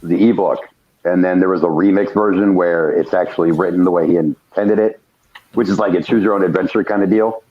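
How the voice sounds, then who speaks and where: A man with a very deep voice chats easily as a guest on a podcast. He talks in a relaxed, rambling way. His audio is dull and lo-fi, like a call line. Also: a little fast. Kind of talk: casual chat.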